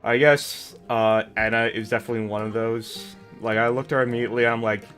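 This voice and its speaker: A man's voice: mid-range voice, steady tone, brisk, fairly bright tone, soft background music. A man hosting a stream, chatting casually in a rambling, jokey, self-deprecating way. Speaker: streamer host. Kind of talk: casual chat.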